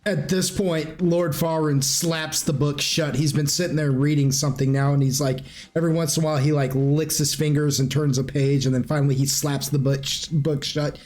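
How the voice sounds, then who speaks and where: A man running a tabletop game as game master, telling the scene in a loose, lively way. His voice is slightly high, and faint music plays behind him. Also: moderate pace, few pauses. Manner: lively storytelling with casual fillers.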